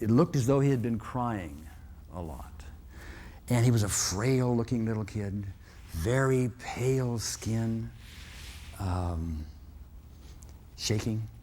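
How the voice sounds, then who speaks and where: A man's voice: on the low side, takes it slowly, pauses often, mellow, a little hiss or hum. A man telling a long personal story to an audience in a folksy way, often chuckling and checking in with "okay?". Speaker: motivational speaker.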